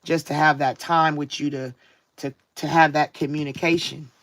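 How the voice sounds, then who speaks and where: A woman's voice: low-pitched, steady tone, fairly bright tone, no echo. A woman giving a live-streamed spiritual card reading in a reflective way, drawing out her key words and often checking in with her listeners. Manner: reflective, drawn-out emphasis, frequent "you know what I'm saying". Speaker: tarot card reader.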